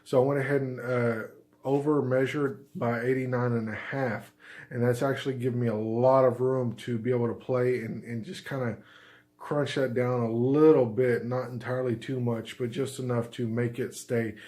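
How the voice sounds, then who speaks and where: A man's voice: mid-range voice, level tone, normal speed, a little mellow. A man from Oklahoma with the hiccups, rambling through a casual how-to vlog inside a small unfinished house at night. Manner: rambling, lots of fillers and restarts. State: has the hiccups. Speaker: vlogger.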